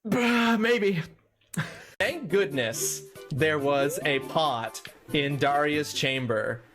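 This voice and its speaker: A man's voice: fairly high pitch, slow pace. Hyped guy streaming a game, swears a ton, voice jumps all over, music playing. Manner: excitable, swears a lot, shouts at the game. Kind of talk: casual gameplay commentary.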